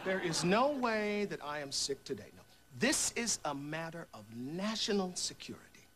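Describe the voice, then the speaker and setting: A man's voice: fairly high pitch, sing-song, background noise. An actor playing a brash, self-important male Secret Service agent who talks in blustery bursts. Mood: boastful. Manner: boastful, fast bursts of bluster.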